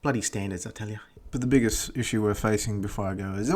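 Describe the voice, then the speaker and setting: A man's voice: fairly low pitch, steady tone, quick pace, a little mellow, slight background noise. A man hosting a podcast, ranting crudely and bluntly about movies. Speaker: podcast host. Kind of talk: profane ranting commentary.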